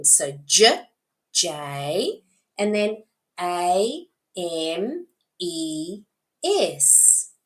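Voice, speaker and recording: A woman with a New Zealand accent, a reading specialist patiently explaining to parents how to teach a child to write their name. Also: mid-range voice. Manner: encouraging, slow and patient, demonstrating with letter tiles. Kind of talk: instructional talk to parents.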